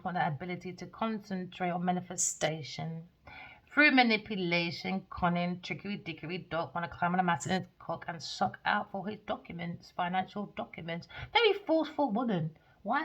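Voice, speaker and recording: A woman giving a tarot reading, scornful and theatrical, mockingly calling people darling and shifting between loud outbursts and low mutters. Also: vocal fry, muffled recording. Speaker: tarot reader. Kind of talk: rambling tarot reading monologue.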